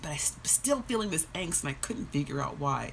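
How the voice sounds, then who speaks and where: Casting: soft-spoken woman, low-pitched, earnest and emotional, on the edge of tears, faint background hiss on a phone. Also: expressive, brisk, gravelly. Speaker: fitness social media host. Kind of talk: casual live-stream talk and reading aloud.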